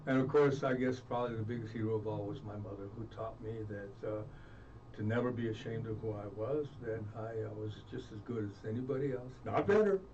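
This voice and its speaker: A man being interviewed, telling earnest personal stories in a halting way with many restarts. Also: lowish voice. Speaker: interview guest. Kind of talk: reflective storytelling. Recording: distant muffled mic with faint noise.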